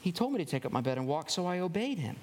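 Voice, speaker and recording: A man's voice: fairly high pitch, big pitch swings, racing, a little mellow. A man voicing a bewildered, meek healed man who stammers out evasive excuses. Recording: long hall reverb.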